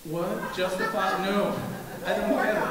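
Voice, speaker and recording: A man doing a live stand-up routine on stage, talking in halting, stammering restarts and wry self-mocking jokes to a tipsy crowd. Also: sits high, fairly even intonation, very noisy. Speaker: stage comedian. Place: large echoing event hall on a stage. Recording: echoey hall recorded from far off with a crowd. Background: audience murmur and laughter.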